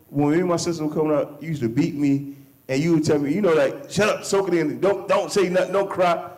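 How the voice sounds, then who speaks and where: A man hosting a men's group discussion, speaking. His voice sits a little high. He talks emphatically, repeats phrases and lets his pitch leap when he gets excited. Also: poor audio. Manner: emphatic, repeats himself, lively pitch swings. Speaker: host.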